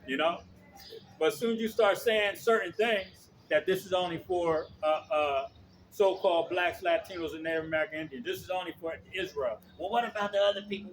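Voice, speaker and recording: Guy street preaching outside, high voice, loud and blunt, cusses a lot, keeps saying okay. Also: slight background noise.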